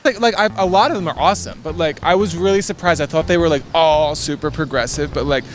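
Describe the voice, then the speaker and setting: A man answering a street interview quickly, packing his speech with "like". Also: a little high, a little hiss or hum. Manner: filler-heavy, quick, full of "like". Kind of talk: vox pop answer. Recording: street interview clip over music.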